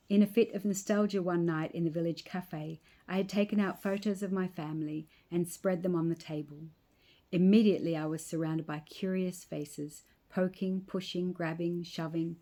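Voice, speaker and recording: A woman reading her own first-person story aloud as the author, in a measured, reflective way. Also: fairly low pitch, fairly even intonation, dark tone.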